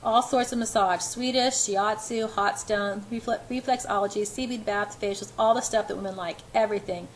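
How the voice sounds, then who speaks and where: A woman's voice: mid-range voice, steady tone, normal speed, hardly any pauses, a little hiss or hum, lightly acted, rough recording. A woman reading an amateur audiobook, voicing a brusque, controlling wealthy young man in clipped, commanding tones. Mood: offhand.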